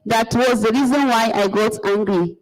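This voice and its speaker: A woman's voice: fairly high pitch, moderate pace, natural voice. A woman reading an insistent young son. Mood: pleading. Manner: insistent, pleading. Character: young man demanding to know his mother. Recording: long hall reverb.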